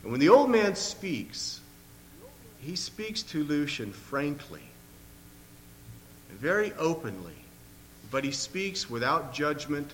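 Bright-voiced preacher in an echoing hall. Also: male voice, on the high side, big pitch swings, slight background noise. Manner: earnest, measured, clears throat often. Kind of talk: sermon with story retelling.

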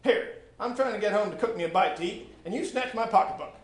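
Stern, booming older woman, as a man puts her on. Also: fast talker, close to an everyday voice. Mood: firm. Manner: firm, scolding, folksy speech. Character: stern, large older woman scolding a boy. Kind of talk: reading a story aloud. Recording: echoey room with faint noise.

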